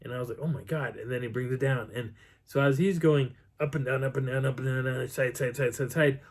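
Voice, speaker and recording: A man's voice: medium pitch, a little fast. A man casually telling a personal story and acting out the sounds and voices as he goes. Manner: animated, acts out sounds and voices. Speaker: channel host.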